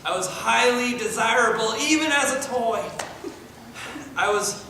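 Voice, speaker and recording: A man's voice: very high-pitched, unhurried, bright, forceful tone, a little hiss or hum, exaggerated voice. A man playing a pompous, wordy plastic potato toy in an improv comedy scene, telling his story in a formal, long-winded way. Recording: echoey room from far off, live stage.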